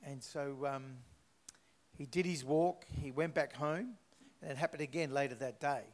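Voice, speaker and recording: A man's voice: a little high, moderate pace. Rambling man at church. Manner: chatty, rambling with fillers and restarts. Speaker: church speaker. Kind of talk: prayer and testimony storytelling.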